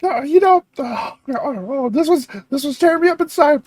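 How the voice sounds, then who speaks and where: A woman hosting a reaction video, thinking aloud with excitable chatter and frequent laughs. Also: sits high, normal speed, few pauses, no room sound.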